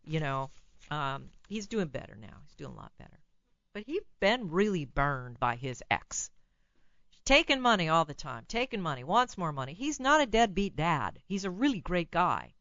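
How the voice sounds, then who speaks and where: A woman hosting a call-in radio show as a psychologist, giving blunt, animated advice and laughing at her own remarks. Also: low-pitched, normal speed, dry recording, lo-fi sound.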